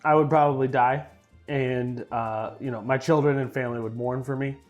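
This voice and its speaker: A man's voice: medium pitch, fairly even intonation, normal speed, dull audio, faint music behind. A young man with a chatty, joking manner, casually reviewing sauces in a vlog and trailing off into fillers. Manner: playfully repeats and mispronounces words. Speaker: food reviewer. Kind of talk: casual food tasting vlog.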